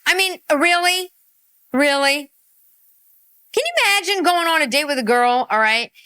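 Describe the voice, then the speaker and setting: A woman hosting a reaction commentary, exasperated and animated, often laughing. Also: sits high, moderate pace, dry recording. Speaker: reaction host.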